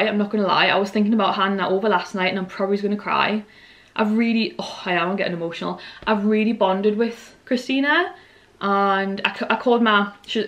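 A woman's voice: mid-range voice, fairly bright tone. A young woman chatting casually to camera in a vlog, rambling with fillers, her voice a little worn. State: slightly losing her voice. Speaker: vlogger.

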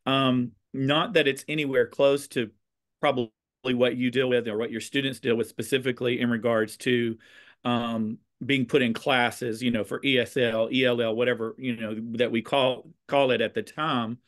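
A man's voice: medium pitch, moderate pace. Southern guy, teacher on a video call, chatty and a bit sassy, mid voice. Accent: Southern American. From American South. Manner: expressive, a bit sassy, warm storytelling. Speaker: teacher and conversation host. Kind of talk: casual video chat.

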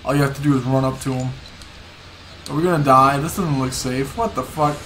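A young man streaming a game, excitedly commenting, swearing and repeating words to himself. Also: mid-range voice, a little fast, a little hiss or hum. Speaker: gaming streamer. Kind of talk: casual gameplay commentary.

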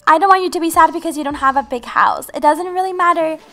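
Very high-voiced bubbly woman gamer. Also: lively intonation, fast, fairly bright tone, faint music behind. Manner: bubbly and giggly, talking to viewers. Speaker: game channel host. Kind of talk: gameplay roleplay commentary.

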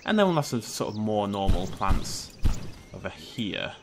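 Casual let's-play commentary comes from a young man whose gravelly, lowish voice swings widely in pitch at a moderate pace. He chats and jokes, talks to the on-screen animals and shrieks suddenly in surprise. The background is noisy.

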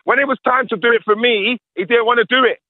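Ranting high-voiced man, tinny. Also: quick pace, no room sound. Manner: ranting, emphatic, repeats himself. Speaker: guest. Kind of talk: heated radio interview. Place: radio studio.

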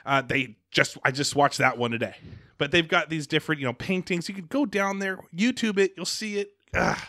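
Bright, animated man rambling as host. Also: fairly high pitch, dry recording, studio quality. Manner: rambling, animated, lots of restarts. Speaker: podcast co-host. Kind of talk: casual chat.

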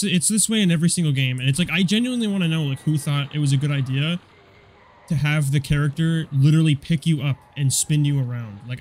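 A young man giving casual, profane commentary over a car combat game, rambling and quick to get annoyed. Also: on the high side, darkish tone. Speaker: gameplay commentator.

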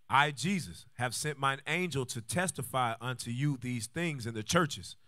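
A man reading Bible verses aloud in a steady, formal way during a class. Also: medium pitch, normal speed, hardly any pauses, dry recording, studio quality. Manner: steady, formal reading, polite short replies. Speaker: scripture reader.

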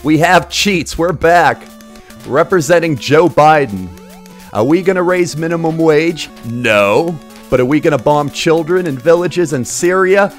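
Brief: male game streamer, casual crude sarcastic commentary, slightly high pitch. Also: unhurried, faint music behind. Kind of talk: casual live-stream commentary while gaming.

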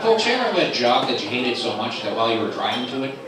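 A man doing a stand-up comedy set in a club, loud, animated and teasing the audience. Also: mid-range voice, fast talker. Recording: roomy club sound from a distant camera, crowd laughing. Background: audience laughter.

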